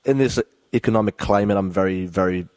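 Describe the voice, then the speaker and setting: An English man speaks as a podcast guest in a slightly low, dry voice. He talks haltingly and softly, often restarting his sentences. The tone stays hesitant and unsure. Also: no echo. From England. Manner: hesitant, soft-spoken, self-doubting, many restarts. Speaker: wrestler guest. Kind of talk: casual podcast interview.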